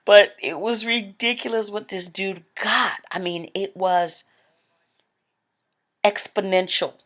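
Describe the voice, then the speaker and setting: A Christian woman gives a casual, rambling testimony about a vision, chatty and peppered with "like" and "um." Her medium-pitched, fairly bright voice has fairly even intonation and a slow pace.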